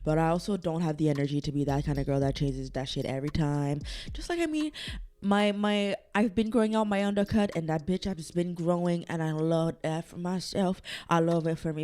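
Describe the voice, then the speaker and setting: A young woman hosting her own podcast, chatting casually and emotionally, teary from crying, rambling and laughing. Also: a little mellow. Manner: emotional, rambling, laughing, breaks into high squeals. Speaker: podcast host. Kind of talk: casual solo podcast chat. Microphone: camera set-up, seen on video.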